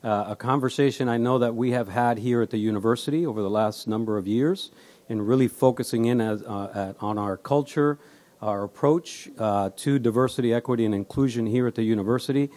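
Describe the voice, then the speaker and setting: Brief: man, mid-pitched voice, polite university executive speaking to an audience. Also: darkish tone. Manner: measured and courteous. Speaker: university vice president, guest speaker. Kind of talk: formal event remarks.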